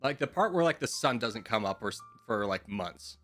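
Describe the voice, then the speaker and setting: A young man rambles through a game stream in a casual, sarcastic way. His voice is bright and very lively in pitch. Faint music plays under him. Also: normal speed. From United States. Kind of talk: casual gaming commentary.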